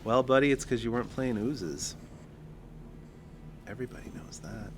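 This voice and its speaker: A man streaming a card game, joking and thinking out loud as he plays. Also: mid-range voice, lively intonation, moderate pace, pauses often, soft background music. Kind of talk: casual card-game livestream commentary.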